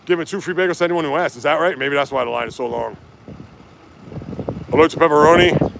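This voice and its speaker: A man hosting a casual livestream outdoors on city streets, talking into his phone as he runs and answering viewers' comments one after another. His voice sits high for a man and has a gravelly, frying edge. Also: fast talker, noisy background. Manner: chatty, reads viewer comments aloud and reacts. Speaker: livestream host. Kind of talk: casual livestream chat while running. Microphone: handheld phone.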